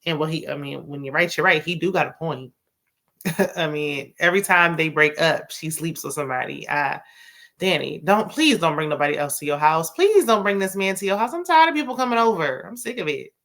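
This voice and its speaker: A woman's voice: deep voice, animated, fairly quick, fairly bright tone. A woman recapping a TV drama in a chatty, sassy way, full of slang and asides. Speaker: TV recap host. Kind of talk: casual TV recap chat.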